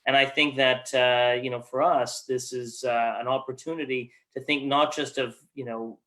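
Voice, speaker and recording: A man's voice: mid-range voice, steady tone, moderate pace, pushed and bright. A man who is a guest speaker, offering reflective closing words in a thoughtful, searching way. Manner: thoughtful, searching, heavy with "you know".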